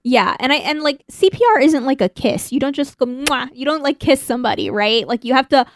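A woman's voice: sits high, expressive, a little fast, dry recording, studio quality. Giggly chatty young woman. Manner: giggly, chatty, lots of fillers. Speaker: podcast co-host. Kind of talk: casual chat.

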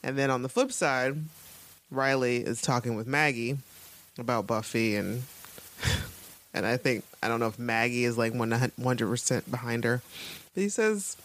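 A woman's voice: very deep voice, fairly even intonation, moderate pace, pauses often. A woman co-hosting a casual rewatch podcast, recapping scenes and laughing often as she acts out quotes. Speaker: podcast co-host.

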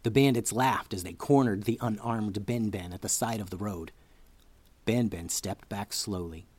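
A man's voice: on the low side, moderate pace, a little mellow, breathy edge, no echo. A man hosting a children's story podcast who narrates expressively, like a storyteller for kids.

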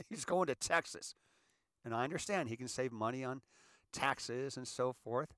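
A man's voice: medium pitch, unhurried, pushed and bright, no echo, clean studio sound. A middle-aged man from California talking in a casual, rambling monologue, acting out little scenes as he goes. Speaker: host.

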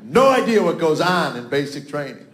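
A man in his fifties doing stand-up, his voice pitched high and his telling folksy and self-mocking. He lands each line with a punch. The sound rings in an echoey room. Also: big pitch swings, normal speed. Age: 50s. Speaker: comedian. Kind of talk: stand-up storytelling.

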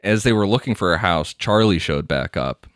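A man's voice: low voice, animated, normal speed, fairly bright tone, no echo, clean studio sound. A man hosting a podcast, telling a crime story in a casual, crude, laughing way. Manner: laughing, crude, conversational narration. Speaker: podcast host.

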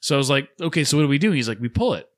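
A man's voice: mid-range voice, very animated, very fast. A man in his thirties co-hosting a podcast, telling a rambling, profane story in casual chat and acting out what other people said. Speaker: podcast co-host.

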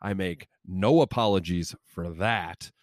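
A man with a lowish voice co-hosts a podcast, chatting in loose, rambling banter full of self-deprecating asides. The sound is dry and close, with no room echo. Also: measured pace. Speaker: podcast co-host.

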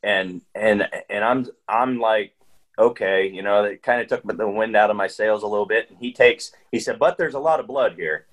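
A man's voice: lowish voice, moderate pace, low-quality recording. A man telling a long hunting story in casual chat, rambling along with frequent restarts and fillers. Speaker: guest hunter.

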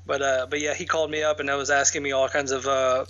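Bright-voiced guest podcaster, lo-fi sound. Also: male voice, medium pitch, level tone. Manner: easygoing, agreeable, quick interjections of "right". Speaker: podcast host. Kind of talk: casual podcast chat. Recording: dull lo-fi recording.

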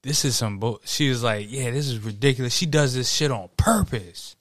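A man's voice: medium pitch, expressive, moderate pace, no room sound. A man in casual podcast chat, telling a work story with lots of swearing, laughter and acted-out quotes. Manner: profane, laughing storyteller who acts out quotes. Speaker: podcast guest.

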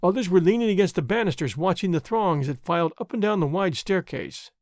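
Expressive male audiobook narrator, dry close sound. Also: high voice, brisk, no room sound. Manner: expressive storytelling. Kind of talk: audiobook reading of a classic novel.

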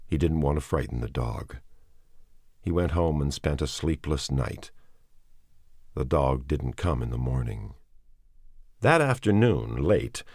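A man narrating a dramatic audiobook in a measured, expressive way. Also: rumbling low, no room sound, clean studio sound.

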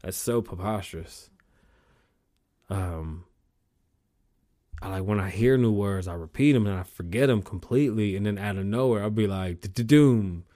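A man hosting his own show alone, talking in a casual, rambling rant full of swearing, his pitch jumping up when worked up. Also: moderate pace. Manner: profane, rambling, animated swings in pitch. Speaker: podcast host.

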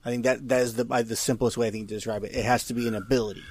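A man's voice: medium pitch, flat delivery, rapid-fire, a little mellow, husky. A young adult man co-hosting a casual podcast, explaining rules carefully and teasing his partner. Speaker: podcast co-host. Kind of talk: casual chat about trading cards.

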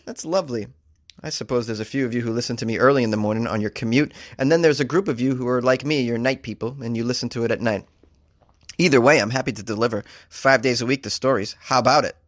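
A man's voice: mid-range voice, fairly bright tone, no room sound, studio quality. A man hosting a comedy podcast in a casual, jokey, self-deprecating way.

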